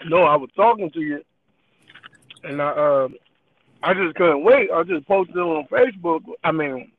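A man with a high voice tells a rambling story in casual chat, laughing as he goes. His loose, easy delivery comes through a tinny, phone-like line. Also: moderate pace. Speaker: podcast co-host.

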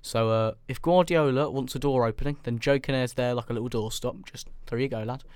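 A man's voice: medium pitch, brisk, a little mellow, clear, resonant tone, dry recording. A young man co-hosting a casual football podcast in a studio, rambling and sarcastic with lots of ums. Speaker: podcast co-host.

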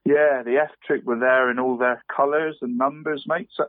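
A man's voice: mid-range voice, steady tone, normal speed, dry recording. A man, co-hosting a casual football podcast. He rambles, restarts his sentences and says "mate" constantly. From Cornwall. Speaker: podcast co-host. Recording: dry, tinny phone-like line.

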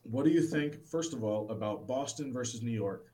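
A man's voice: medium pitch, animated, moderate pace, dark tone, poor audio. A man co-hosting a casual sports talk show, enthusiastic and rambling, with plenty of restarts. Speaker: sports podcast co-host.

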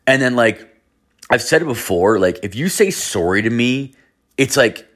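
A man's voice: medium pitch, animated, normal speed, a bit bright. A man hosting a podcast, telling a rambling story with lots of swearing and fillers. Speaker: podcast host. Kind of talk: casual storytelling.

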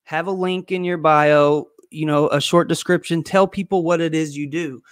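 Male business coach, slightly high voice, loose filler-laden livestream talk. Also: no echo, studio quality. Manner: excited, fast talker who skips points; filler-heavy, loose and conversational. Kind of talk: casual livestream teaching.

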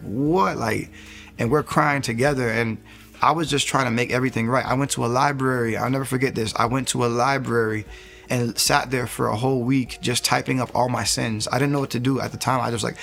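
Gravelly-voiced man telling his story earnestly. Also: medium pitch, a bit bright. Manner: earnest, rambling storyteller, acts out his own quotes. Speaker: interview guest. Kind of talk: personal faith testimony.

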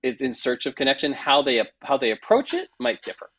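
A middle-aged man from the Boston area chats as a podcast guest at an ordinary mid pitch. He tells stories in a lively way, restarting sentences and acting out what people said. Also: a little fast, vocal fry, husky. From Boston area, USA. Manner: animated storyteller, many restarts, acts out quotes. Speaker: podcast guest, culture trainer. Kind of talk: conversational interview.

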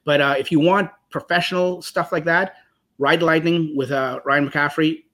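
A man's voice: on the high side, steady tone, normal speed, a bit bright. A man casually introducing his first podcast, chatty and loose, correcting himself as he goes. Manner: chatty, self-correcting, laughs easily. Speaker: podcast host.

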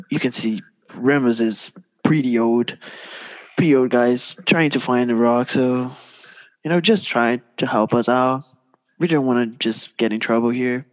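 An old adventurer, as a player puts him on, coaxing and calming, trying to smooth things over. The recording is a little dull and lo-fi. It is casual tabletop role-play. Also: male voice, medium pitch, slow pace, pauses often, lightly acted. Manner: coaxing and conciliatory. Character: old male adventurer, placating.

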